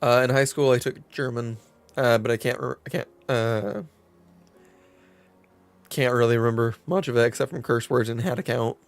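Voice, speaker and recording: A man's voice: medium pitch, normal speed, long pauses, faint music behind. A man chatting casually with viewers while streaming a game, chatty and self-teasing. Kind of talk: casual gameplay commentary.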